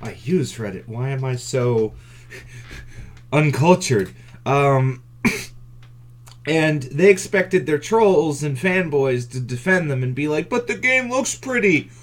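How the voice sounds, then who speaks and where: A man's voice: mid-range voice, slow pace, pauses often. A man co-hosting a casual gaming podcast, hesitant and self-mocking, stumbling over his words. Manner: hesitant, lots of fillers and restarts, self-mocking. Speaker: podcast co-host.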